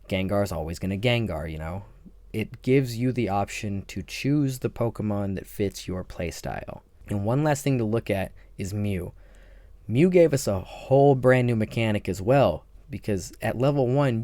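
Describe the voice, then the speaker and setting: Male gaming host, low-pitched, dry close sound, casual excitable rambling commentary. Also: no echo. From Ireland. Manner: enthusiastic, rambling, thinks aloud.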